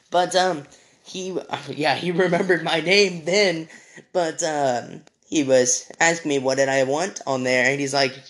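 A man's voice: medium pitch, unhurried, a bit bright, a little hiss or hum. A young man hosting a podcast, telling a story casually with many fillers, restarts and small apologies. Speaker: podcast host.

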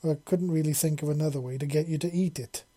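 Man voicing a storybook alien insect queen, female, fierce but gentle, higher voice, husky. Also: fairly even intonation, fast, close to an everyday voice. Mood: sheepish.

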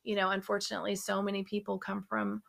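Gravelly-voiced middle-aged woman sharing faith. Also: medium pitch, completely flat delivery, fast talker, fairly bright tone. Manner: earnest, affirming with frequent mm-hmms. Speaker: mother and podcast guest. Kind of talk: casual faith chat.

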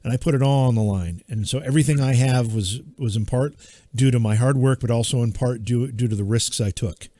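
A man's voice: medium pitch, brisk, warm tone, no echo. A middle-aged man co-hosting a podcast in casual chat, emphatic and teasing, laughing often. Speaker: podcast co-host.

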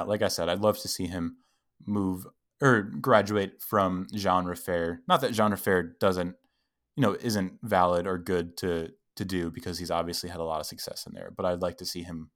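A man co-hosting a casual film podcast, speaking thoughtfully with frequent ums. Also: low-pitched. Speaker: podcast co-host.

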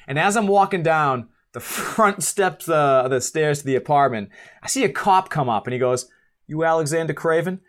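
A man's voice: fairly high pitch, moderate pace. A man in his twenties, a podcast guest, telling a story in casual chat, acting out quotes and laughing at himself. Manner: animated, acts out quotes, swears, laughs at himself.

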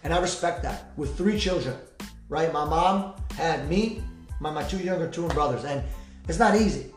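A man hosting a podcast, speaking fast and heartfelt in an emotional personal monologue, repeating himself and swearing freely. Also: on the high side. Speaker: podcast host. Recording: echoey room with faint music.

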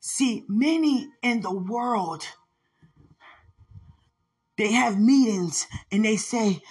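A woman's voice: on the high side, animated, extremely slow, pauses often, a little mellow, slightly rough. A woman preaching a sermon, repeating phrases and building into impassioned pleading. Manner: repetitive, rising into impassioned pleading.

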